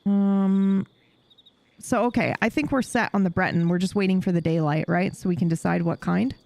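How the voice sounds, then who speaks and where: A woman's voice: mid-range voice, moderate pace, vocal fry, a little mellow, no echo. A woman streamer chatting casually with her live audience while playing a game, swearing freely and laughing often.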